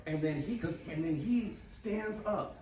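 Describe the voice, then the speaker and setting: A man's voice: high-pitched, measured pace. A man doing stand-up, telling a wild profane story and acting out shrieking characters. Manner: animated, loud, profane, acts out shrieking characters. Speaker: stand-up comedian. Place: comedy club stage. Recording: roomy club from a distance with crowd. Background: audience laughter.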